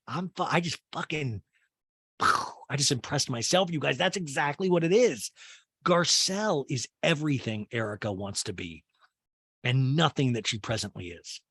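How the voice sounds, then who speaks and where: A man's voice: medium pitch, fairly bright tone, slightly rough, no room sound. A man hosting a podcast, recapping a reality show in a campy, comedic way, swearing freely and acting out the cast in mocking voices. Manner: swears freely, laughs at own jokes. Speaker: podcast host.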